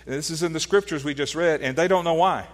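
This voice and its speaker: A man's voice: fairly high pitch, fast talker, in a large hall. A man preaching a sermon, teaching earnestly with rhetorical questions and frequent restarts. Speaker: pastor.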